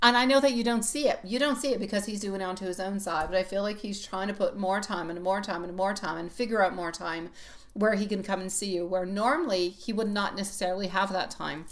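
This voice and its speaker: A woman's voice: mid-range voice, a little fast. A woman giving a live-streamed tarot reading, chatty and rambling, often laughing as she talks. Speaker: tarot reader.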